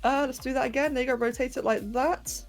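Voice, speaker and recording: A woman's voice: high voice, steady tone, quick pace, soft background music. A young woman chatting casually with viewers on a game livestream, giggling often as she works. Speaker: game streamer. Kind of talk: casual livestream chat while playing a game. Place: home bedroom.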